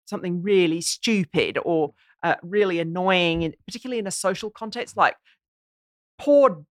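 A lower-pitched woman holds forth in a podcast discussion, explaining words and usage in a lecturing way. Her voice is recorded dry and close, with no room around it. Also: moderate pace, dry recording. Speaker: podcast guest. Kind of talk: casual discussion.

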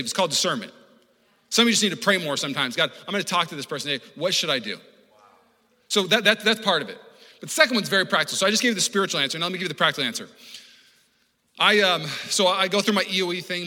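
A man preaching a sermon as pastor, animated and conversational, acting out the voices he quotes, with frequent restarts. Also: high voice, very fast, in a large hall. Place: church auditorium.

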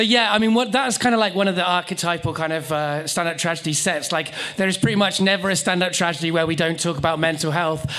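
A man's voice: sits high, a bit bright. A man hosting a live comedy night, chatty and rambling, often stumbling over his words as he introduces acts. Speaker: host of a comedy night and podcast. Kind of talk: casual live compering. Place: small live comedy venue.

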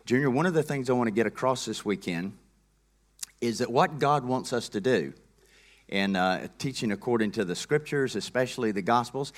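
A man's voice: medium pitch, a bit bright. A man preaching a sermon in an earnest, folksy and emphatic way.

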